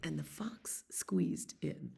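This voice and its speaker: A woman's voice: takes it slowly, dark tone, in a whisper. A woman reading a bedtime picture book aloud as a library storyteller, soothing and asking her listeners questions.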